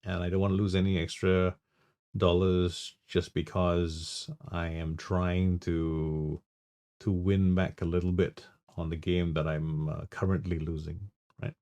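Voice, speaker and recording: A man hosting a live trading stream, thinking aloud about his trades in a halting way with restarts. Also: sits low, little pitch movement, darkish tone. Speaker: trading livestream host.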